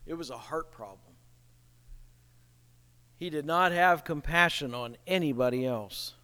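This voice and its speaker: Male pastor, animated sermon, high pitch, reverberant hall. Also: unhurried, clear, resonant tone. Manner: animated, acts out quoted voices, chuckles at the irony.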